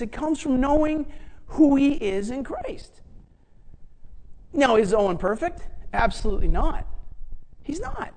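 Animated middle-aged preacher telling a story. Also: high voice, unhurried, pauses often, low-quality recording. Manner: animated, acts out quoted dialogue; conversational, many fillers and restarts. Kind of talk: sermon storytelling.

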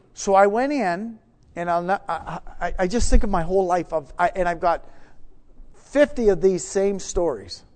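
A man preaching, telling a story with many restarts, swinging from hushed to loud. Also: high voice. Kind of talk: sermon storytelling.

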